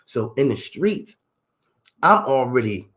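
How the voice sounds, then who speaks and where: A man's voice: mid-range voice, big pitch swings, takes it slowly, fairly bright tone. A middle-aged man in a candid storytelling talk, emphatic and profane, full of street slang and asking "you see what I'm saying".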